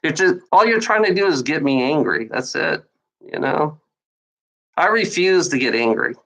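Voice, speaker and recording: A woman's voice: deep voice, animated, moderate pace, fairly bright tone, rough recording. A woman streamer ranting at online trolls in a casual, profane, rambling way, full of sarcasm and repeats. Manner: mocking laughs. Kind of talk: casual rant to a live audience.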